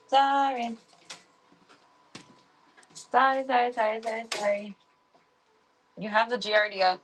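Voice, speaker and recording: Woman streamer, casual and chatty, coos at pets, mid-pitched. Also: a bit bright. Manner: chatty, coos and baby-talks to animals. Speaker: streamer working with animals. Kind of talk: casual live-stream chat.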